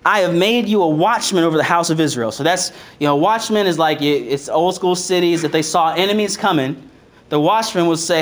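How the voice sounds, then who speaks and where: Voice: mid-range voice, brisk. A preacher giving a casual, conversational sermon. Reads scripture aloud, then retells it in slang, with frequent "like", restarts and laughter. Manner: loose and chatty, heavy use of "like", repeats phrases; laughs often between points.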